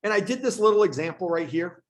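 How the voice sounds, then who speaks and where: A man's voice: sits high, expressive, fast. A man who leads a real estate team, teaching agents on a video call in a casual way and repeating himself for emphasis. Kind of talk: online training presentation.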